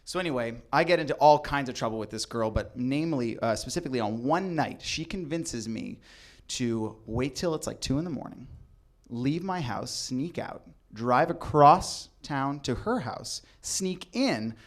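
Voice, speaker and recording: A young adult man telling a comedic true story, animated and acting out the people in it. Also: mid-range voice, moderate pace. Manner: animated, acts out voices in quotes.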